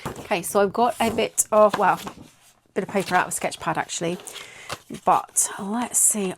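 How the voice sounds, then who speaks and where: Chatty, excitable middle-aged English woman. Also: mid-range voice, measured pace, background noise. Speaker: vlogger. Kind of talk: casual vlog chat.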